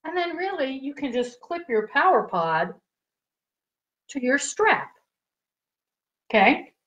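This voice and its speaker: A woman with a high voice walks viewers slowly through a beauty demo on a live stream. She chats, giggles and keeps checking in with her audience, and the audio sounds dull and lo-fi. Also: big pitch swings, a bit bright. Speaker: livestream host demonstrating skincare patches. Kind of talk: casual live product demo.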